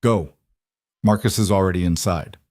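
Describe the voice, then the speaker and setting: A fierce male crime boss speaks low and intensely, protective to the core, voiced by a male narrator. The sound is dry and close. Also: moderate pace, a little mellow, dry recording, close to an everyday voice. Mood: intense, tender.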